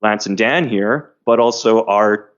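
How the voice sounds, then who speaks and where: A man speaking as a podcast guest, earnest and quick to laugh. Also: lowish voice, lo-fi sound. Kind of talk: casual interview.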